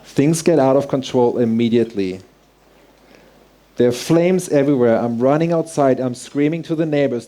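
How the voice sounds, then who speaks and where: A man's voice: medium pitch, moderate pace, warm tone. Earnest man telling a heartfelt story. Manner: earnest, heartfelt, vivid present-tense storytelling. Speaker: speaker. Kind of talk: personal storytelling talk.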